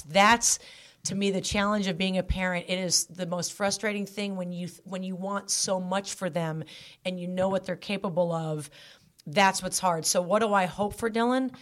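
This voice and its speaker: A woman's voice: mid-range voice, fairly even intonation, normal speed. A woman talking candidly as a guest on a podcast about her stepson, getting emotional and choked up. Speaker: stepmother guest. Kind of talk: emotional interview talk.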